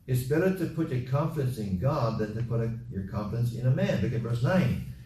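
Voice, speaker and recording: Male preacher, mellow dark tone, repetitive emphatic delivery, picked up off mic in an echoey room. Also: medium pitch, lively intonation, brisk, recorded from a distance, slight background noise. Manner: repetitive, emphatic exhortation with acted-out party chatter. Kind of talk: sermon. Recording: roomy echo from off mic with faint ambience.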